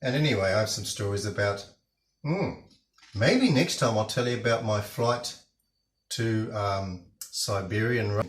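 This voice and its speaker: A man's voice: lowish voice, a little slow, reverberant, slight background noise. A man hosts a cooking show, telling a rambling story in a chatty, hesitant way. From New Zealand. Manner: chatty, hesitant, many fillers and restarts. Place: home kitchen.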